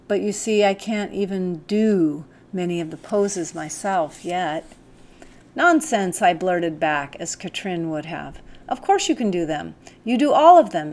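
A woman narrating a first-person novel as an audiobook, in a calm, measured, gentle reading voice. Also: lowish voice.

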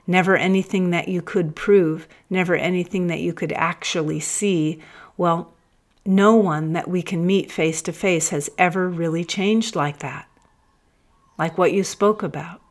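A grieving, doubting man read by a woman speaks in a low voice. His words come halting and searching, as if he is struggling to believe. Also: steady tone, natural voice. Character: grieving, doubting man who lost his wife and daughter.

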